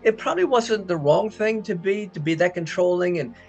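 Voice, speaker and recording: A middle-aged man, an actor, telling lively behind-the-scenes stories and acting out quotes. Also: brisk, vocal fry, soft background music. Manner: acts out quoted dialogue with big pitch jumps. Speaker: actor interviewed about a past film. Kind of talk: animated anecdotal storytelling.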